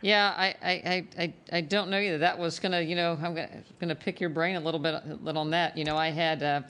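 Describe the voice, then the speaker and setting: A man, a doctor hosting an interview, talking in a halting way with many restarts. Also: on the high side, flat delivery, sharp tone. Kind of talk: casual interview chat.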